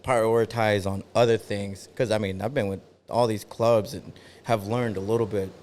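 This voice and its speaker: Laid-back low-voiced man in his thirties. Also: steady tone, darkish tone. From Oklahoma City. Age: 30s. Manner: laid-back, slangy, halting with restarts. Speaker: DJ and podcast guest. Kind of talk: casual podcast chat. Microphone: podcast studio mic.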